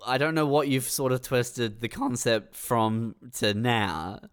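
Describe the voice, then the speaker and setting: A man's voice: medium pitch, takes it slowly, clean tone. A man chatting casually on a podcast, rambling a little with lots of fillers. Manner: laid-back, rambling, swearing, with fillers.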